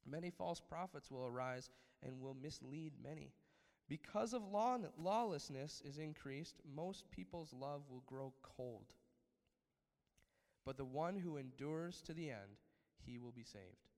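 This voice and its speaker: A man's voice: a little high, expressive, unhurried, darkish tone, long reverb tail. A man preaching a sermon, asking his listeners for amens and building to emphatic peaks. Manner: preaching with call-outs for amen, rising to emphatic peaks. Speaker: pastor.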